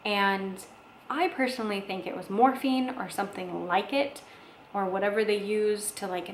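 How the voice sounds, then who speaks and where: A woman's voice: medium pitch, reverberant, slight background noise, rough recording. A young woman casually telling a personal story, chatty, with lots of fillers and acted-out quotes. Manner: chatty, many fillers, acts out quoted voices. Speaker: vlogger telling her birth story.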